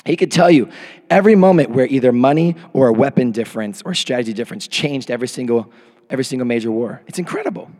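A man in his thirties preaching a sermon into a microphone, swinging from hushed asides to shouted peaks. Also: medium pitch, expressive, fast talker. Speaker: pastor. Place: church hall. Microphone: handheld or podium microphone. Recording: long hall reverb.

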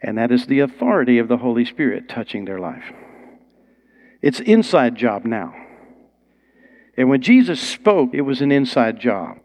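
A man's voice: medium pitch, moderate pace, long pauses. A man preaching a sermon in a conversational, storytelling way. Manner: conversational, rising to excited storytelling.

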